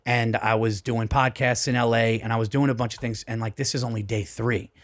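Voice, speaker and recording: A man on a podcast tells a wild story with lots of swearing and growing excitement, jumping in and out of the voices of the people he met. His pitch sits in the middle of the male range. The sound is a close studio mic. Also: fairly quick. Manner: profane, excitable, acts out voices. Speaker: podcast guest, comedian. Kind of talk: animated storytelling.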